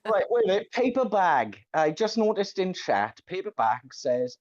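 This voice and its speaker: A man in his late thirties from South Wales with a South Welsh accent, chatting casually, animated and self-mocking, swearing freely. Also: sits high, moderate pace, few pauses. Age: late 30s. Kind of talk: casual chat. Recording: dull lo-fi stream audio.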